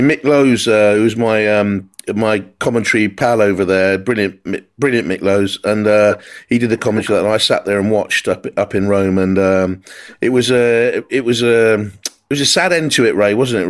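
A man hosting a podcast, asking a guest questions in a halting way that restarts phrases often. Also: fairly low pitch. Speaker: podcast host, football commentator. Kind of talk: interview questions.

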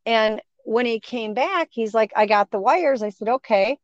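A woman's voice: fairly high pitch, moderate pace, dry recording. Middle-aged woman, casual storyteller, acts out quotes, muffled close sound. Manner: animated, acts out quoted voices. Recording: dull, dry sound.

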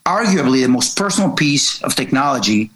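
A man's voice: medium pitch, animated, brisk, a bit bright, low-quality recording. Earnest male marketing consultant. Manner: earnest, repeats words, many fillers. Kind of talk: casual interview chat.

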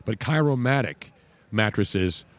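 A man's voice: lowish voice, expressive, a little slow. A man hosting a talk radio show, chatting loosely and reading a live ad. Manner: chatty, rambling.

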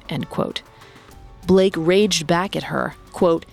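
A woman giving scripted true-crime narration in a measured way, reading quotes aloud in a flat tone. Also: fairly low pitch, creaky, faint music behind. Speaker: podcast narrator.

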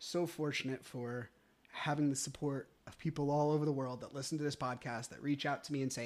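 A man in the middle of his voice range talks alone into a podcast mic, overwhelmed with relief. His delivery is raw and heartfelt, cursing freely and sinking at times to a hushed near-whisper. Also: mid-range voice, level tone, fairly quick. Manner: emotional, grateful, swears often, drops to a near whisper. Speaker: podcast host. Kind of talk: solo podcast monologue.

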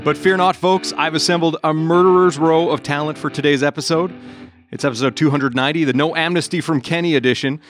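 A man's voice: fairly high pitch, fairly even intonation, fast, faint music behind. A man filling in as host of a podcast panel, talking in a loose, joking way with many fillers. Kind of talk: casual panel chat.

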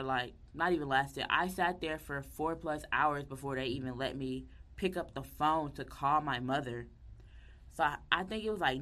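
A young woman casually telling a personal story, animated and acting out the people she quotes. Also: sits low. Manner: animated, acts out quoted voices.

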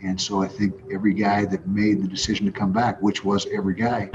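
A male football head coach answering reporters in a steady, assured way. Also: sits low, a little fast. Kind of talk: press conference answers. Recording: dull audio with background noise.

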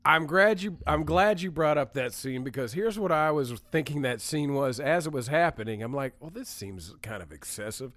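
A man co-hosting a podcast in casual chat, enthusiastic and quick to laugh. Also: on the high side, a bit bright, dry recording. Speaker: podcast co-host.

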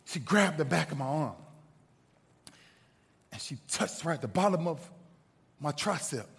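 A man giving an inspirational speech to a live audience, telling a story dramatically and swinging from loud bursts to hushed asides. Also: on the high side, lively intonation, a little slow, gravelly. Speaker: motivational speaker. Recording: long reverb of a large hall.

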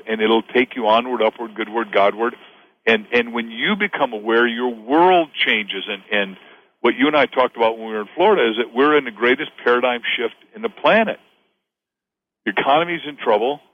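A male author being interviewed, talking in a rambling, motivational way, often repeating himself. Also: dull audio. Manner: rambling, repeats words, pitches his offers. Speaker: author and guest.

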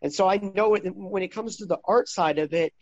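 A man with a notably high voice tells stories in a loose, rambling way, often restarting his sentences. He turns animated when he quotes other people. The recording is dull and dry. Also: a little fast, no echo. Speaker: interview guest. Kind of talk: casual interview chat.

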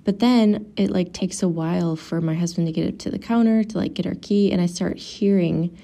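A woman's voice: lowish voice, normal speed, creaky, warm tone. A young woman and mother telling a travel story to her viewers in a casual, chatty way, with lots of "like" and acted-out quotes.

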